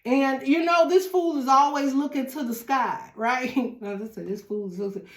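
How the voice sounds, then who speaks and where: A woman's voice: high-pitched, moderate pace. A woman giving a casual tarot reading, chatty and laughing often as she talks straight to the viewer. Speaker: tarot reader. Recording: echoey room.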